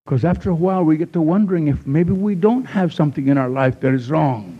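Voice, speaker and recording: A man preaching a sermon, his voice rising to emphatic peaks and then dropping low and slow. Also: animated, warm tone, breathy edge. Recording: dull lo-fi recording.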